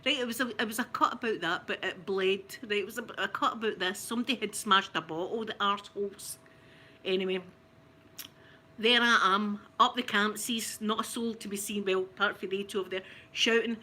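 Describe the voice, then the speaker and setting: A woman with a Scottish accent telling a family story in casual talk, animated and often laughing. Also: mid-range voice, a little fast. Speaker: ASMR channel host telling a family story.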